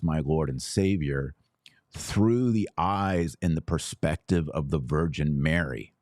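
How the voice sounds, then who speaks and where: A man with a very low, deep voice hosts a podcast in a dry, close-sounding room. He talks in an earnest, personal way and leans hard on points he cares about. He sounds like a man in his forties. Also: a little mellow, dry recording. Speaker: podcast host. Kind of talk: casual commentary podcast.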